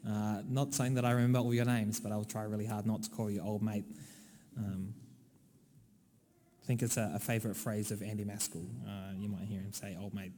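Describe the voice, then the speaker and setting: A man's voice: fairly low pitch, flat delivery, a little fast, dark tone, slight background noise. An Australian man preaching a sermon in a conversational, wry way, with dry asides. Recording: long hall reverb.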